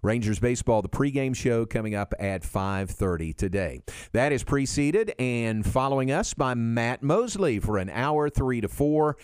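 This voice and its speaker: Smooth-voiced easygoing radio host man. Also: medium pitch, animated, darkish tone, no echo, studio quality. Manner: easygoing, laughs often, quick affirmations. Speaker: radio sports show host. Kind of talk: casual on-air chat.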